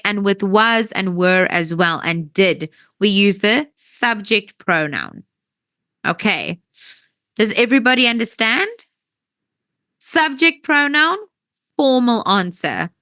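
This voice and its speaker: A woman teaching an English grammar lesson, patient and checking that everyone understands, her voice tiring and needing a throat-clear now and then. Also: medium pitch, slow, bright, forceful tone, dry recording. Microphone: wears headphones.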